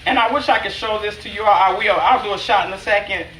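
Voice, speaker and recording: A woman's voice: medium pitch, fast talker, slight background noise. A middle-aged woman chef hosting a home cooking livestream in her kitchen, chatting with viewers by name and teasing herself as she cooks. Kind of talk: live-streamed cooking demo, casual chat. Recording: echoey kitchen with loud sizzling. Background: sizzling skillet.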